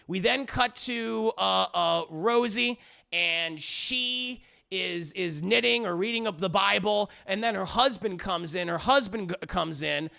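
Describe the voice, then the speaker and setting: A man's voice: high voice, gravelly, sharp tone. A man reviewing music on a live stream, recapping a story in a rambling, profane way, with many fillers and restarts.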